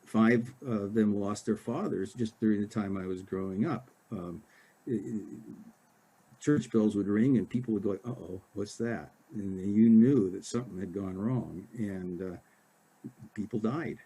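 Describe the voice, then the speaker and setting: An older man from Oregon, an author giving a casual library talk, halting with many fillers and restarts. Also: fairly low pitch, warm tone, breathy edge.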